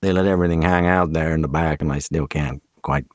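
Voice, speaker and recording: A man from the West Country of England, a voice actor chatting as a podcast guest in a playful, animated way. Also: extremely low pitch, fairly quick, dry recording, clean studio sound. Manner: animated, playful, slips into accents. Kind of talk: casual interview chat.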